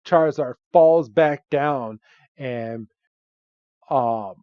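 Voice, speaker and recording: A man hosting a podcast, retelling a movie scene by scene in a casual, animated way with frequent fillers. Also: mid-range voice, drawn-out words, clean tone, dry recording, lo-fi sound. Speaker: podcast host. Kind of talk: casual movie recap chat.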